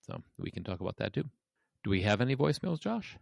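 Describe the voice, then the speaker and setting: A man with a fairly low voice hosts a casual podcast, relaxed and joking as he moves things along. His voice sounds dry and close, with no room around it. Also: quick pace, creaky, dry recording. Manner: relaxed, jokey, runs the segments. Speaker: podcast host. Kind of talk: casual chat.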